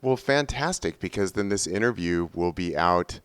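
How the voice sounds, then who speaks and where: A man in his forties from the United States, hosting a podcast in an easygoing, chatty way with frequent filler pauses. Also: low-pitched, lively intonation, a bit bright, clear, resonant tone. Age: 40s. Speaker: podcast host. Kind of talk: casual podcast talk.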